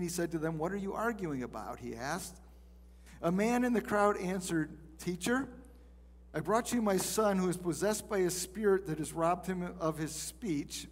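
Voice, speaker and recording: A man's voice: high-pitched, long reverb tail. A male pastor teaching a sermon in a conversational way, reading scripture and acting out the people in it.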